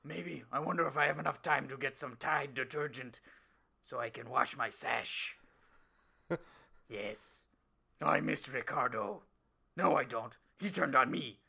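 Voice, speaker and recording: A man putting on a quiet, muttering male wrestler talking to himself while shopping. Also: medium pitch, gravelly, breathy edge, heavily acted. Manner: hushed, murmuring to himself.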